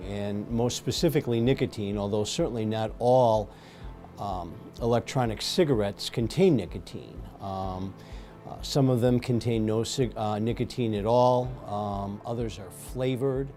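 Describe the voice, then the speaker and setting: A man speaking as a pulmonologist in an interview, giving measured explanations with frequent ums and uhs. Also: on the low side, dark tone, soft background music. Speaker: pulmonologist guest. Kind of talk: medical interview answers.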